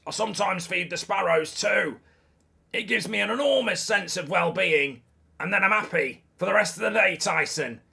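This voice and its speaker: A rambling, self-satisfied older man, as a man puts him on, bragging about his routine. The voice sits a touch higher than his own and has a rough, creaky edge. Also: bright, forceful tone, full character voice. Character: boastful rambling older boxing trainer dad.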